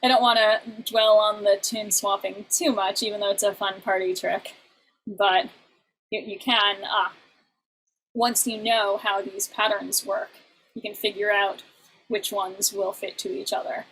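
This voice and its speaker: A woman's voice: medium pitch, steady tone, moderate pace, fairly bright tone, slight background noise, low-quality recording. A young adult woman teaching an online songwriting class in a chatty way, with many fillers and restarts.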